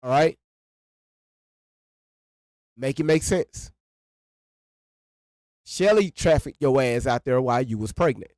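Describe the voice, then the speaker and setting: A man's voice: mid-range voice, expressive, takes it slowly, pauses often, darkish tone, dry recording, clean studio sound. A man giving heated reaction commentary, angry and profane, repeating himself for emphasis. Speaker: co-host of a reaction stream.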